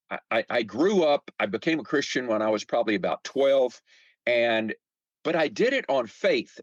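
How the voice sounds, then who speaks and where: An older man in his seventies talks casually as a podcast guest, his pitch rising and falling a lot as he acts out what people said. He stumbles over repeated words and fillers. The sound is dry and a little muffled. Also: no echo. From United States. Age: 70s. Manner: chatty, animated, acts out quoted remarks. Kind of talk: casual conversational storytelling.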